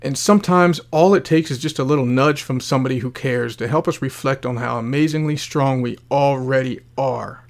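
A man narrating a parable in an earnest, slow storytelling manner with dramatic pauses, then giving motivational advice. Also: mid-range voice, creaky.

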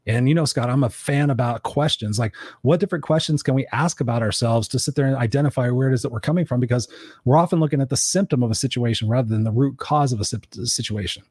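Male podcast host, brisk and husky, loose and profane, acts out voices. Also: medium pitch, no room sound, clean studio sound. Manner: animated, swears freely, acts out quoted voices. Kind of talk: casual coaching conversation.

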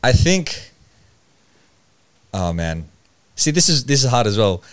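Rich: A man with a dry, close sound and an everyday mid-range pitch. He tells stories in a rambling, animated way, full of restarts. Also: takes it slowly, dry recording. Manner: animated storyteller who acts out quotes, rambling with restarts. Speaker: podcast host, stand-up comedian. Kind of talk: casual chat.

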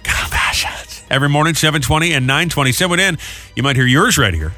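A man's voice: on the high side, fast talker, bright, forceful tone, faint music behind. A man hosting a morning radio show, joking and reading out segments in casual banter. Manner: joking, playful, reads out segments. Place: radio studio.

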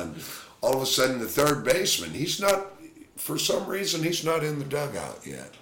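Speaking at a normal speed in a mid-range voice, this man looks back on his days as a baseball catcher. In a relaxed interview he tells lively anecdotes and laughs a lot, all captured with a roomy echo.

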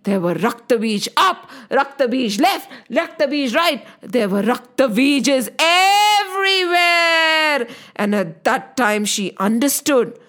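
A woman telling a dramatic myth to children, expressive and emphatic. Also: high voice, slow. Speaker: storyteller.

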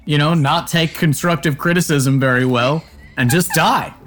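A man's voice: fairly high pitch, moderate pace, fairly bright tone. A man playing a tabletop game, chatting casually and cracking jokes about his character. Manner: joking, playful. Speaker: player. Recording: faint music underneath.

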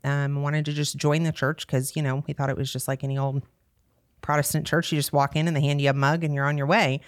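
A woman's voice: low-pitched, level tone, fast, no room sound, clean studio sound. A woman in her thirties, a parish staff member, chatting as a podcast guest and telling her story with laughs and fillers. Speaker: guest, parish evangelization director. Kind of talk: casual podcast chat.

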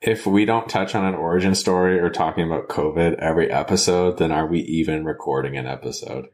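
Deep-voiced young man joking on a podcast. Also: a little fast, a little mellow. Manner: joking, swears freely, acts out quoted dialogue. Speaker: podcast host. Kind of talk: casual chat.

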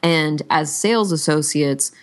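A woman with a low voice answers an interview question as a sales coach. She explains her method fluently and with energy, acting out short example quotes along the way. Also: a little slow.

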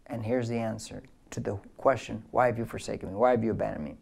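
A man's voice: mid-range voice, fast talker, creaky, few pauses, a little mellow. A male pastor preaching a verse-by-verse sermon with emphasis, leading listeners in repeating key phrases.

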